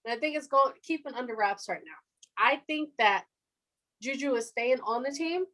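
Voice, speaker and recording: A woman's voice: fairly high pitch, moderate pace, low-quality recording. Chatty young woman talking football. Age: 20s. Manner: chatty, animated, laughs often; fan of the team, says "our defense". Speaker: podcast co-host. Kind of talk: casual sports chat.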